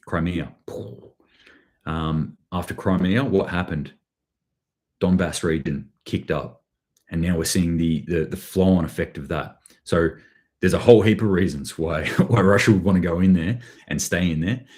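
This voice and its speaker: A deep-voiced Australian man talking through the news on a live stream. He wanders from point to point with loose asides and slips into dry sarcasm. His tone stays casual and conversational. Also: normal speed, a little mellow. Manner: sardonic, rambling, with dry sarcasm. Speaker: prepping channel host.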